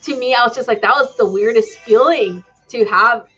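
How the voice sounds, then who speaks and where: A woman's voice: fairly high pitch, normal speed, fairly bright tone, breathy edge, highs cut off, faint music behind. A woman talking casually as a psychic channeler on a live stream, rambling with many fillers and tacking "okay?" onto her lines. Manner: rambling, full of "um", "like" and tag "okay?".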